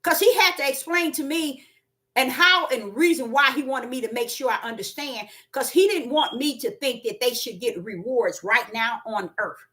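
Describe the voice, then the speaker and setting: A woman preaching a spontaneous sermon, repeating words for emphasis and swinging between loud and soft. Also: sits high, moderate pace. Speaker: self-styled prophet and preacher.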